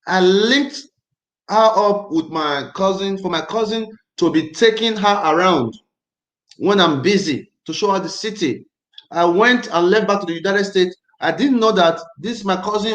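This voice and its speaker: A man's voice: sits high, reverberant, poor audio. A man hosting a casual livestream, tense and angry, talking emphatically and repeating himself. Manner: emphatic, repetitive, agitated. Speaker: livestream host.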